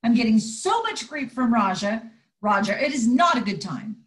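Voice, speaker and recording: A woman's voice: on the high side, sing-song, moderate pace. A woman reading the part of a stressed, loving mother, pleading and strained. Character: stressed mother Judy, frayed but loving. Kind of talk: live script reading over video call.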